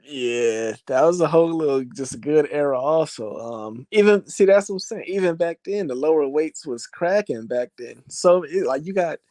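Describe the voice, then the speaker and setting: A man's voice: a little high, lively intonation, moderate pace, hardly any pauses, a little mellow, dry recording. A man co-hosting a casual live chat about boxing. He explains old fights in a loose, rambling way, full of fillers. His voice sounds dry and close to the mic. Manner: explains fight history, fillers like uh and you know. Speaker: co-host boxing fan.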